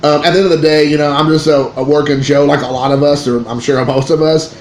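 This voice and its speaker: A card-collecting vlogger tells a casual story to the camera, rambling excitably with lots of restarts and filler words. His voice is fairly high and fast, and the echoey room has faint ambient noise.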